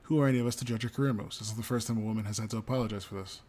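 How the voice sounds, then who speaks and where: A man's voice: on the low side, fairly even intonation, very fast, a little mellow. Man reading news on a podcast. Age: adult parent of a young child. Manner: reads stories aloud with frequent ums and asides. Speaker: podcast co-host. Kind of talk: casual news roundup.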